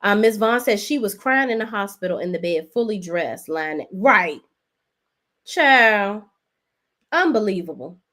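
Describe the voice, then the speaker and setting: Woman doing a chatty soap recap live, talks right to her chat, casual and animated, black vibe. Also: medium pitch, a little slow. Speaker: host.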